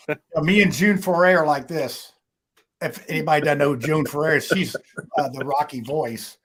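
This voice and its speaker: An older man hosts a casual online talk show with a slightly high voice. He rambles and chuckles as he talks. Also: normal speed, fairly bright tone, husky. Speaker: talk show host and voice actor.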